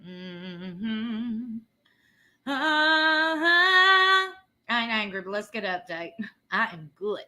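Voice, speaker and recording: A woman's voice: mid-range voice, quick pace, pushed and bright. A woman, hosting a live stream and talking bluntly and sassily, laughing often. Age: 30s. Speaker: livestream host. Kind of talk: casual live commentary.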